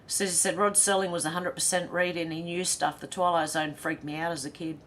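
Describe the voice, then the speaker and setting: Chatty Australian woman with a low voice. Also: steady tone, fairly quick, a bit bright, slight background noise. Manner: chatty, laughs easily, reads comments aloud. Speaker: livestream host reading chat. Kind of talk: casual chat.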